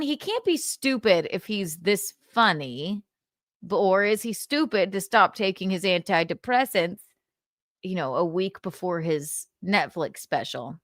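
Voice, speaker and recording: A woman's voice: medium pitch, a bit bright, no room sound, studio quality. A young woman hosting a livestream, chatting casually and reading viewer comments, giggling and losing her words as she rambles. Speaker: livestream host.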